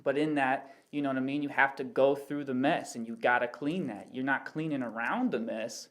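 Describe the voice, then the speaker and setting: A man's voice: medium pitch, moderate pace, a bit bright. A man talking as a podcast guest in a casual, reflective way, rambling a little and explaining his views through everyday analogies. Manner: rambling, full of "you know what I mean" asides.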